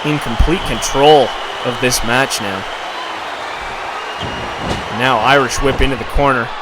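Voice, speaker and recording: A man doing play-by-play commentary for a video game wrestling show, getting excited and shouting at the big moments. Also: medium pitch, unhurried, heavy background noise. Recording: loud music and crowd behind.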